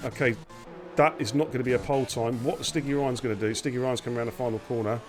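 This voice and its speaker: A man's voice: medium pitch, fairly even intonation, quick pace, music in the background. Chatty male race commentator. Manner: chatty, teasing, greets viewers. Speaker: lead commentator and host. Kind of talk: live sim racing commentary.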